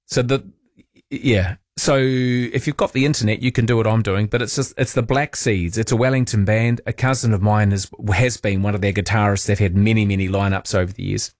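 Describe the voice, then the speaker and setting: A man's voice: on the low side, steady tone, fairly quick, dry recording, clean studio sound. Chatty New man hosting radio. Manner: chatty and rambling, reads listener texts aloud. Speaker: overnight talk radio host. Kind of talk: casual late-night radio chat. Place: radio studio. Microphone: studio microphone.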